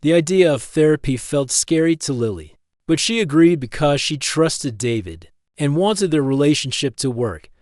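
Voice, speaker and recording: A man narrating a written story in a steady, even scripted reading. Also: fairly high pitch, no room sound, clean studio sound.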